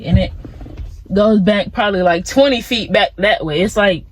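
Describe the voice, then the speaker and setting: Outdoors among plants, a young woman vlogs a casual motivational chat, rambling and easily sidetracked in a laid-back way. Her mid-range voice moves at normal speed, and the low-quality recording carries a little hiss or hum.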